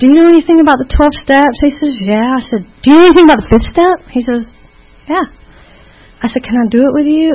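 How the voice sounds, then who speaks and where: A woman with a fairly high voice tells her recovery story in a candid, rambling way. She often restarts her sentences. The recording is muffled and lo-fi. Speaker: recovery meeting speaker. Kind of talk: personal testimony.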